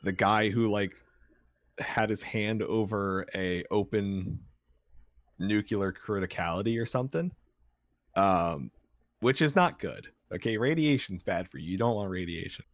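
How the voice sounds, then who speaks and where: Man, low voice, dry close sound, muffled and slightly dull, rambling, profane, excitable casual chat. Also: measured pace, no room sound. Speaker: band member. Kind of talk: casual chat on a live stream.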